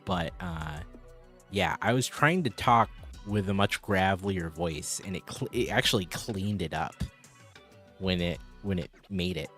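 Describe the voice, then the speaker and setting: A man's voice: sits low, a little slow, fairly bright tone, soft background music. A man chatting casually on a live stream, rambling as he answers viewers' chat.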